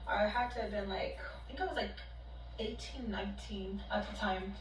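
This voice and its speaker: A woman's voice: medium pitch, normal speed, echoey room, recorded from a distance, over music, rough recording. A young woman telling a heated storytime monologue, emphatic and ranting, heard as a video played back in the room. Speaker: storytime YouTuber.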